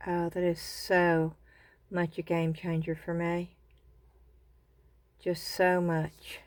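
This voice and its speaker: A woman with a Southern US accent hosting a casual crafting vlog from her phone camera, gushing with excited exclamations. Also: fairly low pitch, slow pace, no room sound. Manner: excited exclamations, says y'all a lot. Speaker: craft channel host.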